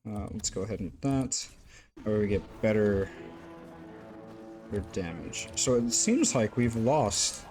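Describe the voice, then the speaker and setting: A man's voice: lowish voice, sing-song, measured pace, pauses often, darkish tone, soft background music. A man giving casual, rambling gameplay commentary as host of a gaming channel, full of fillers and the odd curse. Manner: rambling, lots of fillers, occasional swearing.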